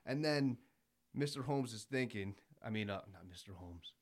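A man's voice: on the low side, moderate pace. A young man in casual podcast chat, eagerly retelling scenes and acting out the characters' lines. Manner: excitable, acts out quotes, swears casually. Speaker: podcast co-host. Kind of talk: casual anime recap chat.

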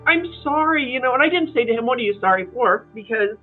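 A middle-aged woman from the Kansas City area telling her story in a casual interview, animated and full of fillers, acting out other people's voices. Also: on the high side, fast talker, husky. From Kansas City area, USA. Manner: animated, acts out quoted voices, many fillers. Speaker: guest. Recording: tinny phone-like line with faint music.

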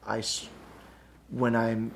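A pastor in casual conversation, telling a candid, self-deprecating story with lots of fillers. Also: male voice, medium pitch, monotone, takes it slowly, creaky, slight background noise.

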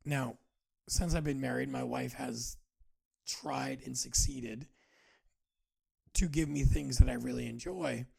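A man in his forties hosting a podcast, talking earnestly and haltingly about his own feelings, often restarting his sentences. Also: medium pitch, steady tone, vocal fry, darkish tone, breathy edge. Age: 40s. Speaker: podcast host. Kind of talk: personal reflective monologue.

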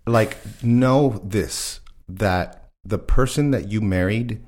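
A man co-hosting a podcast, talking earnestly, quick to laugh and acting out his own inner voice. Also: on the low side, darkish tone. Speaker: podcast co-host. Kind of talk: casual chat.

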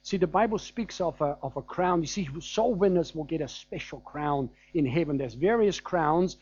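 A man's voice: fairly high pitch, animated, normal speed, a little mellow, no room sound, dull audio. A man with a German accent preaching a sermon in a conversational, anecdotal way, with frequent fillers and chuckles.

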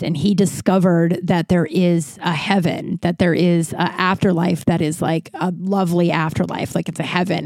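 A woman in her thirties hosting a podcast, telling a rambling, swear-filled story in casual chat and jumping up in pitch when she quotes people. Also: no room sound. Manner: rambling, swears a lot, many likes; animated, jumps high for quoted voices. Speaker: podcast host.

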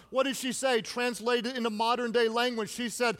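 A man's voice: very high-pitched, steady tone, quick pace, hardly any pauses, a bit bright. A man preaching a playful sermon, joking and calling for responses from the congregation. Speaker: pastor.

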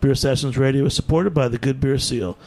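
A man's voice: mid-range voice, steady tone, a little mellow. Upbeat male radio host wrapping up. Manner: upbeat, laughs easily, quick plug-filled wrap-up. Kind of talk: casual radio chat and announcements.

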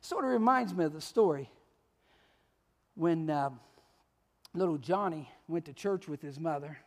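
A man's voice: on the high side, expressive, a little slow, pauses often, big-room sound. A man preaching a sermon as pastor, talking conversationally and often asking the congregation questions. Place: church sanctuary.

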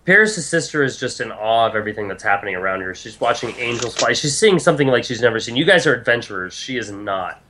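A man running a tabletop game as game master, narrating scenes quickly with lots of "like". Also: mid-range voice, animated, sharp tone, slight background noise. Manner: descriptive, quick narration with many likes.

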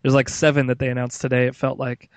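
A man hosts a casual tech podcast, talking through the news in a rambling, chatty way. His pitch is average, and the sound is dry and close. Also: monotone, fast talker, smooth, dry recording. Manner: chatty, rambling, with many fillers and restarts. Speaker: podcast host.

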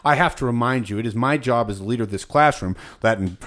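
A man's voice: mid-range voice, fast, a bit bright, close to an everyday voice. Man mocking a sanctimonious Bible teacher. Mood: lecturing. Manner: sanctimonious, lecturing. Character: preachy middle-aged male Bible college teacher.

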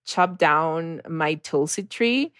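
Lower-voiced woman in close, dry chat. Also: takes it slowly, dry recording. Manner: expressive, swings from soft and low to high when quoting herself. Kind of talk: casual conversation.

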